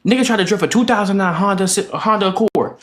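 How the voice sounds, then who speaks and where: A young man telling a casual story-time vlog, animated and profane, acting out the voices of the people in his story. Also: high-pitched, fast talker. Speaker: vlogger.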